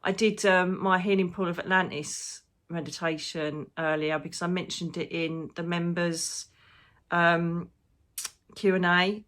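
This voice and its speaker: Rambling woman with a low voice. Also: steady tone, unhurried, a bit bright. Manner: emotional, rambling, swears casually. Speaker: psychic medium. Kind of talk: casual spiritual monologue.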